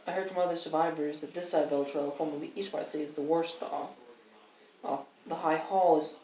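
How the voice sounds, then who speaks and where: A woman's voice: low-pitched, fairly even intonation, fairly quick, dark tone, close to an everyday voice. A game master voicing a worried mother. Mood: anxious. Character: worried mother of young boys. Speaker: survivor. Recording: roomy, distant mic.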